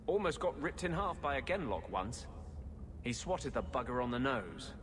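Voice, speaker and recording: A man's voice: medium pitch, sing-song, moderate pace, lightly acted. An actor playing a weary male healer mage in a game, earnest and wry. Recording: game audio with background noise.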